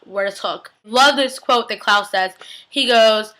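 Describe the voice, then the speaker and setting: A young woman recapping a TV episode in a casual, excitable, chatty way, full of "like" and acted-out reactions. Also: mid-range voice, fairly quick.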